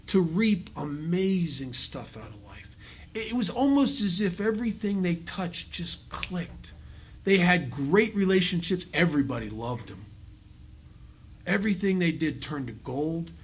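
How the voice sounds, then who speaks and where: A man's voice: a little high, breathy edge. A middle-aged man speaking to a recovery group, telling stories conversationally and poking fun at himself, laughing at his own jokes. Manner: self-mocking storyteller who laughs at his own jokes; conversational, full of restarts and asides to the audience. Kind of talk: talk to a recovery audience.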